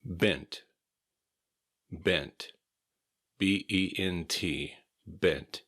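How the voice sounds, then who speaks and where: A man's voice: low-pitched, expressive, slow, a bit bright. A man with an American accent teaching English pronunciation, repeating words carefully and spelling them out letter by letter. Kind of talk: slow, careful pronunciation drills.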